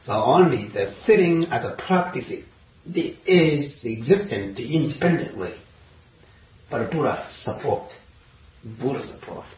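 Man, Zen talk, slow hesitant delivery, dull lo-fi recording. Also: mid-range voice, expressive. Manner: halting, many pauses and fillers, searching for words. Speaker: Zen teacher. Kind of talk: dharma talk. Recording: roomy, distant, dull lo-fi recording.

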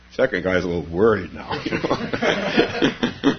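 Chuckling male meditation teacher, lively. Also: fairly low pitch, slow, long pauses, very noisy. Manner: rambling storytelling, frequent chuckles. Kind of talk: dharma talk on retreat. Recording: dull lo-fi recording.

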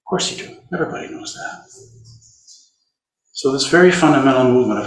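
A man teaching a dharma talk in a conversational, gentle way, turning tender as he speaks to inner suffering. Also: mid-range voice, expressive, fairly quick, long pauses. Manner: gentle, conversational, tender when voicing compassion. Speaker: Zen teacher. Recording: roomy hall recording.

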